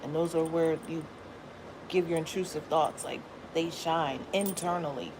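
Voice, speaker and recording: A woman hosting a tarot stream, talking casually and bluntly to her viewers with lots of swearing and quick asides. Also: deep voice. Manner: blunt, profane, chatty, laughs and exclaims often. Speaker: tarot reader livestream host. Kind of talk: casual spiritual talk to viewers. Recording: steady background noise.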